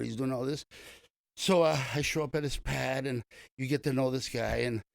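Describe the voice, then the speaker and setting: A man's voice: mid-range voice, moderate pace, gravelly, dry recording. An older man, a comedian being interviewed, telling long stories in a casual, rambling way with many restarts. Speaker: comedian guest.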